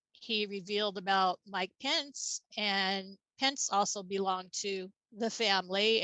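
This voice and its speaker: A woman's voice: medium pitch, a bit bright, dry recording, poor audio. A woman guest in a casual interview, telling her story in a matter-of-fact way with light laughs.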